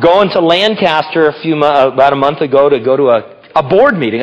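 A middle-aged man preaches a sermon in a slightly raised voice, animated and acting out the people in his stories. The recording sounds dull and lo-fi. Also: on the high side, brisk, a faint crowd. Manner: animated storytelling with quoted voices. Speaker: pastor.

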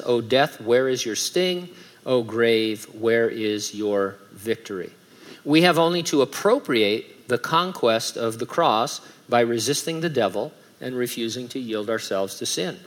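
A man's voice: mid-range voice, a bit bright. Emphatic male pastor preaching. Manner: emphatic, reads scripture aloud with rising force, light humor. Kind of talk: sermon.

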